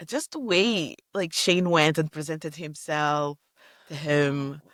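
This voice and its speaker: A woman's voice: deep voice, a bit bright, no echo. Easygoing woman co-host, dry close sound. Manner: halting, agreeable, laughs along. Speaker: podcast co-host. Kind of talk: casual chat recapping a TV show.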